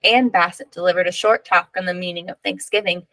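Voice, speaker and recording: A woman reads a children's picture book aloud, expressive and clear, with a gravelly, creaky voice. The recording sounds dry and close. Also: lowish voice, brisk, no room sound, poor audio. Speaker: reader.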